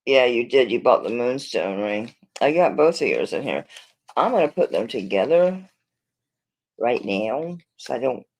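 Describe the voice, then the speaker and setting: A woman's voice: extremely low pitch, darkish tone. A woman selling jewelry on a live stream, chatting to viewers in a flustered, rambling way while she searches through orders.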